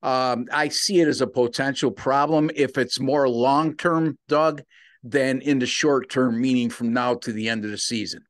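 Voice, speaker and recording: A man's voice: medium pitch, normal speed, no room sound, studio quality. A man co-hosting a sports betting podcast, talking casually with plenty of fillers and easy agreement. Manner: conversational, filler-heavy, agreeable.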